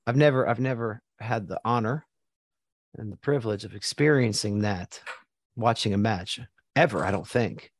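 A man's voice: lowish voice, normal speed, slight background noise. An American man hosting a casual sports chat, blunt and joking with plenty of swearing. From United States.

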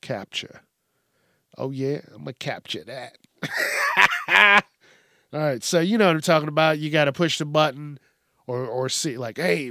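Slow-talking profane male podcast host. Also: a little high, bright, forceful tone, dry recording, clean studio sound. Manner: profane, rambling. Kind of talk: casual news commentary.

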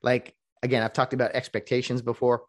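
A man who works as a rideshare driver, talking casually in a rambling vlog monologue. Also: a little fast. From California. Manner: rambling, restarts often, lively pitch.

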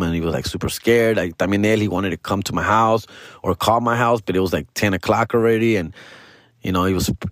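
A man's voice: lowish voice, dry recording, clean studio sound. A middle-aged man casually telling a story on a podcast, full of slang and Spanish words mixed into his English. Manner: slangy, mixes Spanish into English, calls listener fool and dog.

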